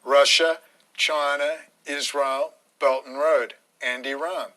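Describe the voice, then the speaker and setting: A man's voice: mid-range voice, fairly even intonation, slow pace, pushed and bright, poor audio. A man, ranting bluntly and combatively on a live stream, swearing freely.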